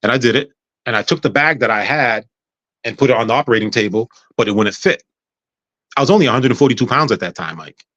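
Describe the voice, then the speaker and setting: A man's voice: mid-range voice, fast talker, dry recording, muffled recording. A man speaking as a guest on a podcast, telling a personal story casually and acting out what other people said. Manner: animated, acts out other people's words.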